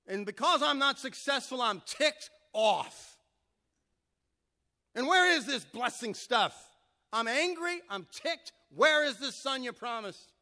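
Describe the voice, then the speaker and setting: A man voicing an aged patriarch who loudly complains about a broken promise. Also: very high voice, animated, slow pace, big-room sound, pitched above the performer's own voice, full character voice. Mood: indignant. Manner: loud, indignant, complaining.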